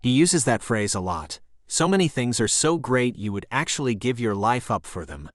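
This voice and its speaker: A man's voice: mid-range voice, expressive, normal speed, no echo, clean studio sound, natural voice. A man voicing a nervous young woman in an audiobook, playful but keeping her distance. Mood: teasing.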